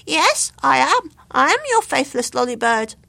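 A woman voicing a cheeky, boastful little magical bird in a storybook reading, high and mocking. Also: big pitch swings, unhurried, creaky, pushed and bright, dry recording, exaggerated voice. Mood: teasing.

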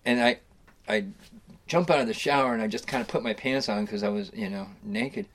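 A middle-aged man casually recounts fishing trips in rambling stories, swearing freely, restarting his sentences and chuckling often. His voice is fairly low and his pace brisk.

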